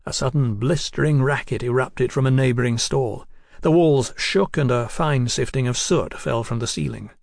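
A man narrating an audiobook in a measured, even manner. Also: medium pitch, creaky, no room sound, clean studio sound.

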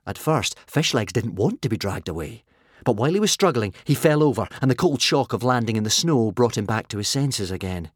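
Male storybook narrator, animated and husky, dry booth, faint music. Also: mid-range voice, a little fast, no echo. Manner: lively, dry comic delivery. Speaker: audiobook narrator. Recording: dry close studio read with faint music.

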